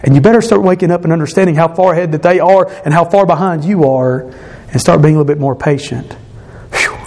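A man's voice: a little high, fast. Man preaching a candid evening sermon. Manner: candid, self-deprecating, animated preaching with sighs. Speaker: pastor. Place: church sanctuary.

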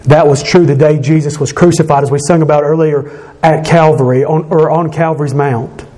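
A man's voice: on the high side, steady tone, fairly quick, warm tone. A pastor, a man, delivers an emphatic sermon in a slightly raised voice. He speaks earnestly and conversationally, with frequent restarts and self-corrections.

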